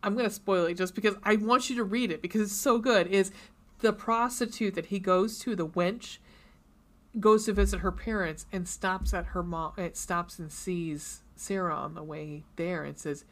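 A woman's voice: mid-range voice, normal speed. Chatty swearing woman gushing over books. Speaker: podcast co-host. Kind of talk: casual chat about books.

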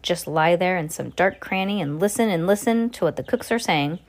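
A brisk, loving old grandmother gives careful instructions in a measured, motherly storybook voice read by a woman in her own tone. Her words come slowly and deliberately. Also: on the low side, animated.

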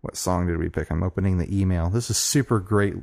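A man's voice: low voice, fairly quick, creaky, darkish tone. A man hosting a podcast in casual chat, laughing often and joking loosely. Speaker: podcast host.

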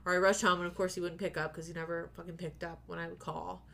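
A woman's voice: fairly low pitch, flat delivery, quick pace, creaky, pushed and bright. A woman telling a personal story in casual chat, candid and profane, often laughing as she talks.

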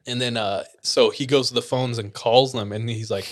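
A man's voice: medium pitch, measured pace. A young man chatting casually on a podcast, telling a long story with lots of laughter. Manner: animated storyteller, laughs often. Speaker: podcast co-host. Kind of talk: casual chat.

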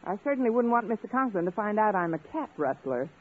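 A woman's voice: mid-range voice, sing-song, a little hiss or hum, natural voice. A woman playing a wisecracking schoolteacher. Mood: wry. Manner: quick, sarcastic, flustered bluffing. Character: wisecracking female English teacher. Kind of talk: 1950s radio sitcom acting. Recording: tinny old radio broadcast, audience laughter.

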